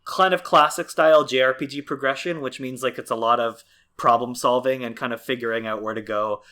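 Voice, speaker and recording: Man, podcast co-host, bright tone, casual chat, rambling with lots of fillers. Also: medium pitch, fairly even intonation, brisk. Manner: rambling, many fillers and restarts.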